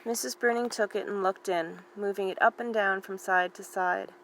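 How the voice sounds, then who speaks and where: A woman reads a novel aloud for a library, steady and even. Her voice sits at a middle pitch, and faint noise runs underneath. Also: moderate pace, low-quality recording. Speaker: library reader.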